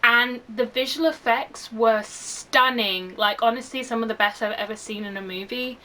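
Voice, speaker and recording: A woman's voice: on the high side, moderate pace. A young woman talking casually and animatedly, full of fillers, as she reviews a film for her channel. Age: young adult. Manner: gushing and animated.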